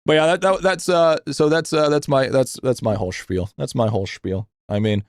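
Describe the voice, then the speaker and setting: Young male game streamer, mid-pitched, dry close sound; swears a lot, rambles with restarts, gets loud and high when venting. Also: moderate pace, dry recording. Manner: profane, rambling, repeats himself with stammered restarts; animated, voice jumps higher when venting. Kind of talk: casual live-stream rant, reading chat.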